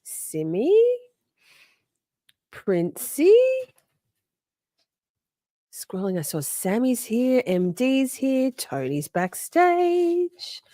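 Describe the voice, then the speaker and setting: A woman's voice: a little high, sing-song, drawn-out words, long pauses, mellow, no echo, clean studio sound. Chatty woman hosting a livestream. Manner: chatty, profane, greets viewers by name. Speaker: livestream host. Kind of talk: casual livestream chat. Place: home, with dogs nearby.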